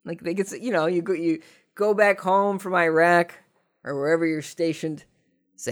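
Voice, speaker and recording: A man's voice: fairly high pitch, fairly even intonation, normal speed. A man in his thirties telling a personal story casually, sarcastic and rambling with fillers and restarts.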